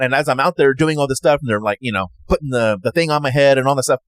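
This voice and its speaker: A man's voice: mid-range voice, fast, no echo. A man casually telling a personal story, rambling and acting out what others said. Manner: rambling, animated, acts out others' lines. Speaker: podcast host.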